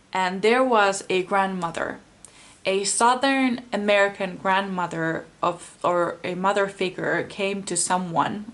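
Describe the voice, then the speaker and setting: Finnish-accented woman, tarot reader, chatty and giggly, takes her time. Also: medium pitch. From Finland. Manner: rambling and giggly, often laughing. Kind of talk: casual chat.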